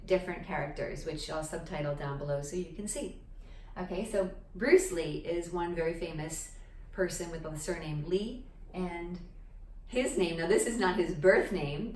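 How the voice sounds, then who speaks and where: A woman's voice: lowish voice, a little mellow, a little hiss or hum. A woman teaching a language lesson at a board in a casual, chatty way, often checking in with "okay?". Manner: chatty, explaining step by step with frequent "okay?" checks. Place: indoor room with a board. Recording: echoey room, mic at a distance.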